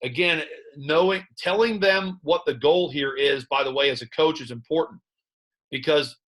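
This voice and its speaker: A man who coaches high school football, breaking down game film in conversation and telling animated stories about his players and staff. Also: normal speed. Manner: animated storyteller recounting sideline moments; plain coaching talk about play calls.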